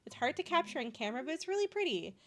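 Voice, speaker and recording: Giggly young woman from canada, high voice, chatty streamer vibe, faint music behind. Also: sing-song, very fast. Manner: bubbly, giggly, gushing over cute things. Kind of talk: casual chat with stream chat.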